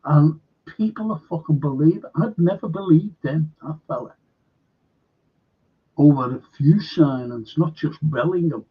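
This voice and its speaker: A man's voice: fairly high pitch, a little slow, slightly rough. An older man with a Liverpool accent, hosting a casual live football chat stream in a rambling, blunt way, swearing freely. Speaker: host. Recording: dull lo-fi stream audio.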